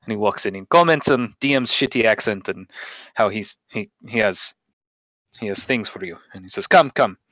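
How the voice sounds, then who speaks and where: A man's voice: lowish voice, moderate pace, pushed and bright, no room sound. A man narrating as game master on a live stream, rambling and self-deprecating with many fillers.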